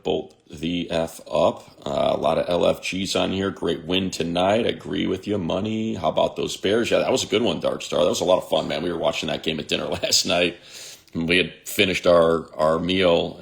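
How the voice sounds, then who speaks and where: A very low, heavily gravelly male voice belongs to a sports radio host in his fifties. He chats loosely on a livestream, reading out viewer comments and rambling from one to the next. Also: fairly even intonation, moderate pace. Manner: reads viewer comments aloud, chatty and rambling. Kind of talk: casual livestream chat.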